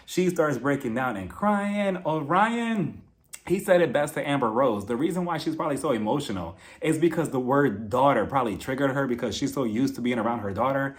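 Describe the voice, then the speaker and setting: A man giving a casual, expressive recap of a reality TV episode, opinionated and full of "like" and "you know". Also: mid-range voice, brisk. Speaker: reality TV reviewer.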